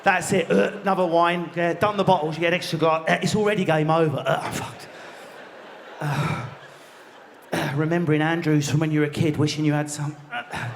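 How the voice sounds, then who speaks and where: A man in his forties with an Essex accent doing a crude, rapid-fire stand-up routine on a theatre stage, leaping into squeaky voices. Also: gravelly, slight background noise. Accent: Essex English. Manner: rapid, animated, crude riffing with squealed voice jumps. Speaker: stand-up comedian.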